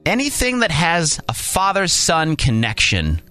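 A man hosting a morning radio show with a bright, ringing voice. He tells stories with big swings of pitch, in an animated, emotional way, with soft music faintly behind him. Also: measured pace. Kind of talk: casual radio banter.

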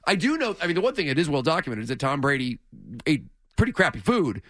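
A man hosting a sports talk radio show, chatty and quick to laugh as he takes calls. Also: a little high, sing-song, a bit bright, dry recording, studio quality. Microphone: studio mic.

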